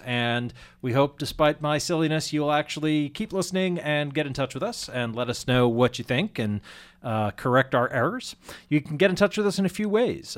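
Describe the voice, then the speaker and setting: A man hosting a community radio talk show, chatting loosely with plenty of fillers and self-deprecating asides. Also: on the high side. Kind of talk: casual radio chat.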